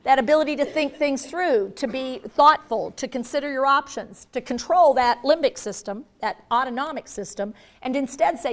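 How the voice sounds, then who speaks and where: Woman, high-pitched voice, animated workshop speaker, jokey asides, acts out voices. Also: moderate pace, few pauses. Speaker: dementia care educator. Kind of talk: lively live workshop talk.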